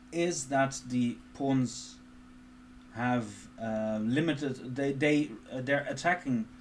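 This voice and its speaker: A man's voice: medium pitch, a little hiss or hum. A man streaming chess, thinking aloud as he explains positions and moves, with dry self-mocking asides. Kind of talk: live chess commentary. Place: home streaming setup.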